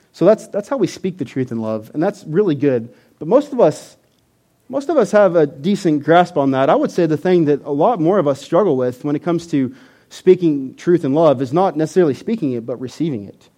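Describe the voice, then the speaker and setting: A man preaching a sermon as pastor, animated and emphatic, building at times to near-shouting. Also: mid-range voice.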